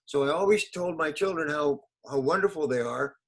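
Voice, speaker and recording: A man's voice: fairly high pitch, fairly quick, rough recording. An older man, a motivational speaker, answering interview questions in an emphatic way, repeating key phrases and acting out quotes.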